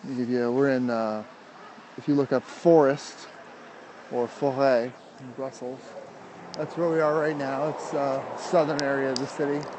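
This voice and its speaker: A man's voice: mid-range voice, level tone, normal speed, background noise. An American man livestreaming a casual walk outdoors from his phone, chatting with viewers and out of breath from climbing steep hills. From United States. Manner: chatty, answers viewer comments while walking. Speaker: vlogger. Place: outdoors on steep city streets.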